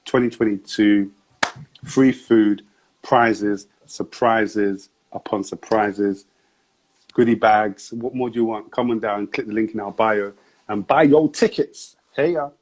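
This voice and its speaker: A man's voice: lowish voice, steady tone, slow. A man hosting a live-streamed interview show, talking in an upbeat, chatty way with slang. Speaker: host.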